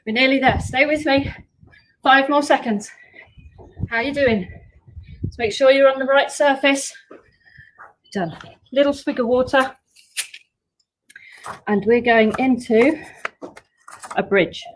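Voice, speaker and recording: A fairly high-voiced woman talks a home workout class through each exercise. Her coaching is upbeat and chatty, and she sounds slightly out of breath as she moves. She is recorded by a camera set some distance away. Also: slow pace, pauses often. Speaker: fitness instructor. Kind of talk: live workout class instruction.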